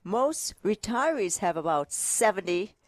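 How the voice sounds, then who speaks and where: A woman co-hosting a retirement money show, talking in a lively, direct, playful way. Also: medium pitch, a little slow, no echo, clean studio sound. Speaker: co-host financial advisor. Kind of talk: casual radio-style talk.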